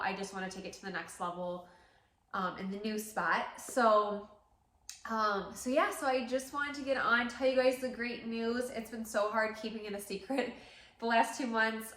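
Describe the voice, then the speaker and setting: In a casual vlog shot inside her salon, the owner, in her thirties, speaks at normal speed with medium pitch and fairly even intonation, her voice pushed and bright. She's emotional, tearing up, and uses many fillers. The room echoes noticeably.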